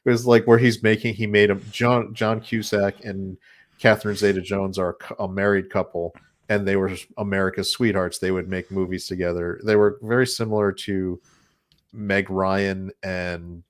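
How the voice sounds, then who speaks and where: A low-pitched man chatting on a podcast. He rambles from thought to thought and laughs as he talks. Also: level tone, normal speed. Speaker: podcast co-host. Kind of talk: casual chat.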